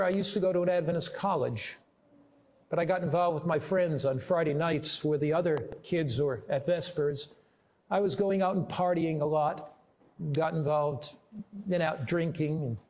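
A male preacher voicing a despairing young woman on the phone, speaking in a quiet, halting confession during sermon storytelling. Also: a little high, natural voice.

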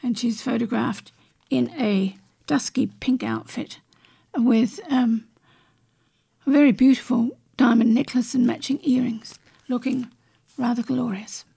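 A woman reading celebrity and royal stories from magazines aloud, in a steady read-aloud manner with brief restarts. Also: on the high side, creaky, husky. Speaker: news reader.

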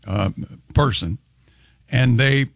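Gravelly-voiced wisecracking radio co-host. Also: male voice, mid-range voice, slow pace, no room sound. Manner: wisecracking, slips into mock voices. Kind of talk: casual morning radio banter.

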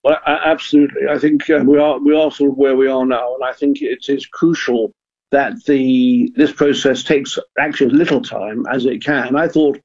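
A man's voice: medium pitch, steady tone, moderate pace, a little mellow, slightly rough, dull audio. An older man, a former football club chairman, speaking as a radio guest in a hesitant, earnest way and repeating words as he thinks. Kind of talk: radio discussion.

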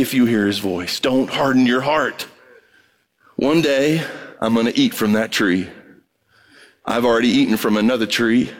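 On a radio sermon, a man preaches with passion, swinging from high, urgent pleading to low, emphatic asides.

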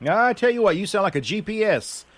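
A man's voice: sits high, expressive, a little fast, fairly bright tone. Chatty male morning radio host. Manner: chatty, laughs easily, says "I tell you what". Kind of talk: morning radio show chat.

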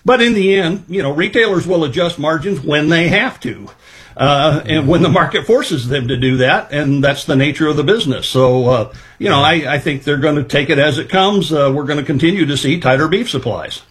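A middle-aged man with a slightly higher voice gives a guest interview. He talks in a measured, thoughtful way, pausing and working out each point aloud with plenty of fillers. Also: a bit bright. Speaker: livestock marketing specialist guest. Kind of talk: casual interview answers.

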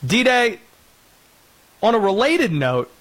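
A man's voice: sits high, big pitch swings, slow pace, a bit bright, low-quality recording. A man hosting a sports talk show, joking and playful in casual chat. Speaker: radio show host.

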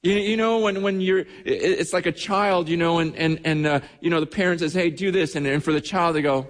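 A man's voice: fairly high pitch, normal speed, long reverb tail. A man preaching a sermon with passion, often repeating his words and acting out the voices of people he quotes. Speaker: pastor.

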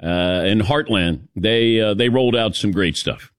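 A man's voice: on the low side, unhurried, no echo, clean studio sound. A middle-aged man hosting a morning sports radio show, chatting casually and jokingly calling on his crew by name. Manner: lively, jokey, calls on crew by name. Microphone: studio microphone.

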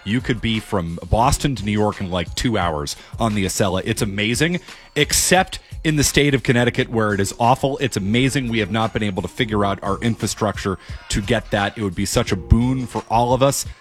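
A man co-hosting a radio talk show, enthusiastic and quick with quips. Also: on the low side, soft background music. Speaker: radio co-host. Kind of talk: casual radio chat.

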